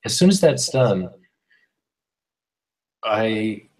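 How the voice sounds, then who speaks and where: A man taking part in a contemplative dialogue over an online call, speaking hesitantly and haltingly. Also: on the low side, very animated, a little mellow, soft background music, rough recording. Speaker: participant. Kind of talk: conversational questions on a call.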